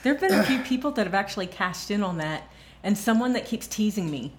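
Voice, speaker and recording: A woman's voice: medium pitch, lively intonation, fast talker. A woman co-hosting a podcast in casual chat, laughing often and teasing. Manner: giggly, teasing. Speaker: podcast co-host.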